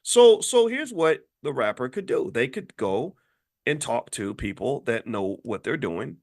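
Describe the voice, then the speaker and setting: A man's voice: medium pitch, unhurried. A man hosting his own channel, giving a heated unscripted opinion monologue, repeating points and stumbling over words as he gets worked up. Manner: emphatic, repetitive, rising and heated when animated. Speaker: channel host, finance commentator.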